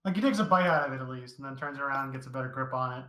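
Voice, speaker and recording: A man's voice: medium pitch, rapid-fire, sharp tone, echoey room, slight background noise. A man narrating a tabletop game as game master, casual and loose, with lots of fillers.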